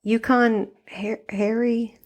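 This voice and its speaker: A woman's voice: on the high side, level tone, takes it slowly, darkish tone. A young adult woman co-hosting a podcast in casual chat, blunt and incredulous, swearing freely. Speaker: podcast co-host.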